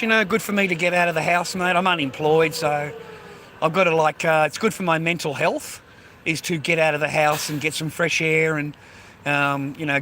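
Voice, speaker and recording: Australian man, street streamer, crude and rambling, ends lines on mate and bro; slightly high, sharp bright voice, handheld phone outdoors. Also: slight background noise. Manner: swears constantly, tags lines with mate and bro. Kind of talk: casual rambling walk-and-talk stream. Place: outdoors on a suburban street near the beach.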